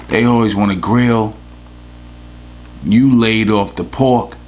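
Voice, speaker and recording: A man's voice: lowish voice, steady tone, takes it slowly, pauses often, darkish tone, a little hiss or hum. A man with a New York accent, hosting a podcast with a profane, rambling, joking rant. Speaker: podcast host. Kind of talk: casual comedic rant.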